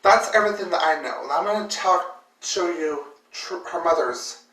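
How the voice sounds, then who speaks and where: Woman vlogger, rambling and emotional, bright forceful voice, recorded from a distance in an echoey room. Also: fairly low pitch, expressive, normal speed. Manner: emotional, full of fillers and repeated words. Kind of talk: personal storytelling. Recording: roomy echo, distant mic.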